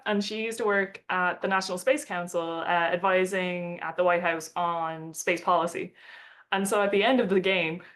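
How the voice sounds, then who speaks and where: Chatty young woman telling a story. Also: medium pitch. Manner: chatty, quotes others in lively put-on voices, frequent likes and laughs. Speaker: astronomer giving a talk. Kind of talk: casual storytelling talk.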